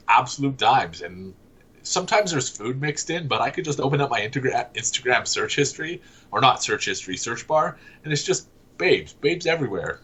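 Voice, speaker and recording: A Canadian man co-hosting a hockey podcast in a husky voice. His pitch swings widely as he throws out enthusiastic, crude banter. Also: fairly bright tone. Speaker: podcast co-host. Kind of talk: casual chat.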